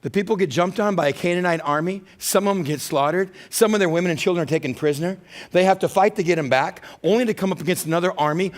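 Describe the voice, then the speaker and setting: A middle-aged male pastor preaching a sermon, telling the story with energy and acting out the people's complaints in exaggerated voices. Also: sits high.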